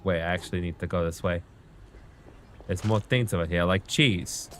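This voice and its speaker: Low-voiced man muttering gameplay commentary. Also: moderate pace, slight background noise. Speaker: streamer.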